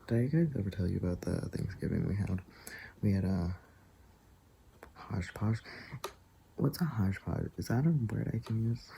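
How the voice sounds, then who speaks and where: A man's voice: low-pitched, vocal fry, mellow, a little hiss or hum, low-quality recording. A man telling a story to camera in a casual, rambling way, with hesitations and asides. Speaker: vlogger.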